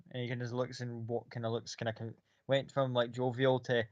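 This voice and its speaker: A man's voice: mid-range voice, monotone, fairly quick, a little mellow, no room sound, highs cut off. A man running a tabletop game as game master, narrating in a loose, rambling way with casual swearing.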